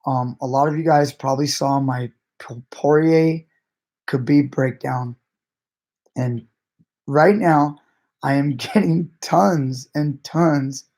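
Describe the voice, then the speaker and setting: A man's voice: a little high, a little mellow. A man, a grappling coach, chatting casually as he answers viewer messages, blunt and swearing freely, often laughing.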